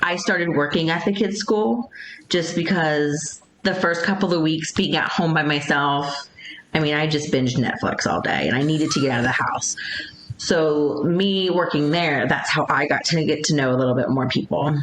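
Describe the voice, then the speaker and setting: A woman's voice: deep voice, normal speed, slight background noise. A woman in her thirties chatting as a podcast guest, hesitant, with many ums and restarts. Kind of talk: casual interview chat. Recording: echoey room.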